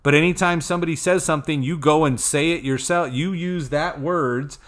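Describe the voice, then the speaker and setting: A man's voice: on the high side, normal speed. A man coaching salespeople in a casual teaching talk, acting out customer exchanges and often checking in with "right?" and "okay?". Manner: animated, acts out customer dialogue, frequent "right?" and "okay?". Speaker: sales trainer.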